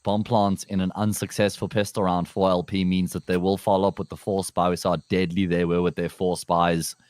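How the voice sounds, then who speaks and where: A man casting a live esports match, analytical and jokey, with sudden upward jumps in pitch when the play gets exciting. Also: a little fast, no room sound. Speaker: esports commentator. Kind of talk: live game commentary. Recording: faint background noise.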